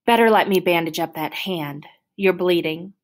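A woman reading as a soft-spoken tired doctor lady, low and calm, kind. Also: normal speed, lightly acted. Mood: gentle.

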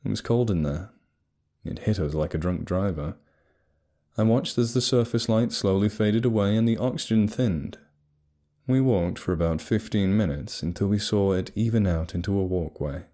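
A young adult man narrating a horror story in a steady, measured way. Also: on the low side. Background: faint music.

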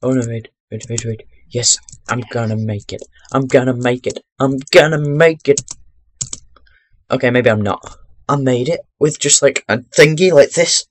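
A young man with a mid-range voice gives loose, rambling commentary as he plays a game at home. He talks into a webcam microphone and often bursts into loud excited exclamations. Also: mid-range voice, normal speed, hardly any pauses. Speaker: gaming commentator. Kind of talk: chatty let's-play commentary.

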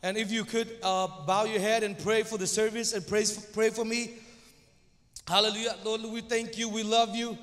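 Young male guest preacher, second-language English speaker (Zomi native), high voice, halting and nervous delivery, long church reverb. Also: level tone, a bit bright. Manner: hesitant, stumbling and restarting. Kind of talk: church sermon.

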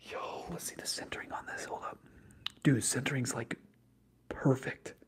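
On an ASMR livestream, a young man at a medium pitch and moderate pace whispers while opening trading card packs. He's excitable and slangy, breaking into loud hype from time to time.

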